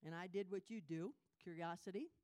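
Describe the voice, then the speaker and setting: Woman, Bible study speaker, earnest conversational preaching, emotional testimony, reads scripture slowly. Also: fairly low pitch, darkish tone. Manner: emotional, conversational storytelling that asks the audience questions; leads listeners in reading scripture aloud, slow and emphatic. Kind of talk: sermon with personal testimony.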